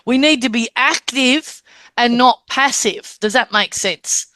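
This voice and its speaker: Lively Australian woman, medium teaching. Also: on the high side, unhurried, dry recording. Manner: animated storytelling, acts out quoted dialogue. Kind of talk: teaching on a video call.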